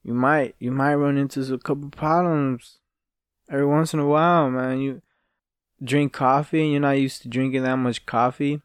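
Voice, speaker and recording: A man's voice: medium pitch, fairly even intonation, normal speed, clean tone, dry recording, studio quality. Rambling, foul-mouthed male podcast host. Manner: rambling, profane, laughing at his own stories. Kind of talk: casual solo storytelling.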